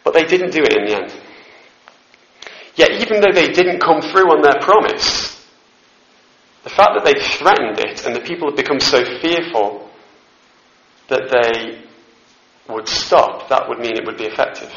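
A man's voice: medium pitch, expressive, moderate pace, pauses often, fairly bright tone. Guy giving a sermon, chatty and joking at himself, echoey church hall, kinda dull sound. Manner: conversational, self-deprecating with asides and laughs. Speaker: preacher. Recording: roomy, slightly dull hall recording.

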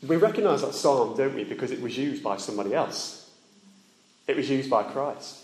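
A man preaching a sermon in a church, his voice ringing in the room. He talks plainly, at an everyday middle pitch, and often turns to his listeners with direct questions. On the weightiest points he sinks soft and low. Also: animated, normal speed. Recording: echoey room.

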